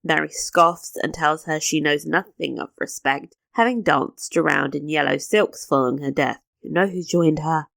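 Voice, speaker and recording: A woman's voice: low-pitched, moderate pace, vocal fry, few pauses, a bit bright, dry recording. A woman co-hosting a podcast, recapping a TV episode in casual chat with sarcastic asides. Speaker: podcast co-host.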